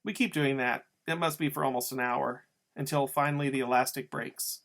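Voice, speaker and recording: A man's voice: mid-range voice, fairly even intonation, fairly quick, a bit bright. A man reading a novel aloud as an audiobook, telling the story in a casual first-person voice. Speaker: audiobook reader.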